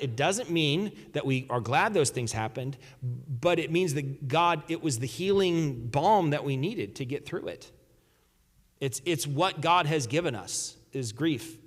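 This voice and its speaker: A man's voice: fairly high pitch, in a large hall. A man preaching a sermon as a pastor, talking in a conversational way and often restarting his sentences. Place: church sanctuary.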